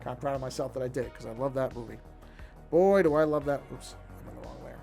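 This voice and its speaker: A man's voice: mid-range voice, big pitch swings, fast talker, creaky, mellow, faint music behind. A man streaming while he draws, chatting casually, musing aloud and often restarting his sentences. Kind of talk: casual talk while drawing.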